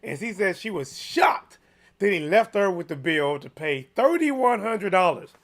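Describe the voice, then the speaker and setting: A man hosting a casual solo sports commentary, chatty and animated with lots of restarts, his voice a little hoarse. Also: high-pitched, measured pace. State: slightly hoarse.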